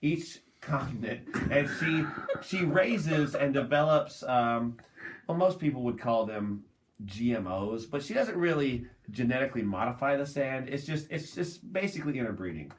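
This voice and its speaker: A man's voice: mid-range voice, lively intonation, moderate pace, a little hiss or hum. A man co-hosting a comedy podcast, joking and laughing often in casual banter. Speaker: podcast co-host.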